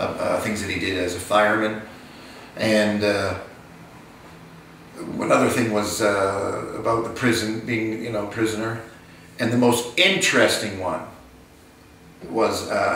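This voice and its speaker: A man in his sixties telling his late father's wartime story in an unhurried, halting way, often restarting his sentences. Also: fairly low pitch, fairly bright tone. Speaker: son of a war veteran, interviewee. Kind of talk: personal recollection, storytelling. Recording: very roomy, distant mic, faint hiss.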